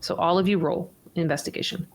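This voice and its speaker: Woman GM, slightly low voice, rambles through scenes with many fillers. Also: steady tone, brisk, creaky, a little hiss or hum. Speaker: game master. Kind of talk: narrating a tabletop game.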